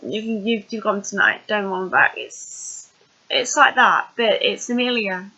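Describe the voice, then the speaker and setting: A woman's voice: mid-range voice, normal speed, bright, forceful tone, muffled recording. A woman casually recapping a TV episode, chatty and rambling with plenty of fillers.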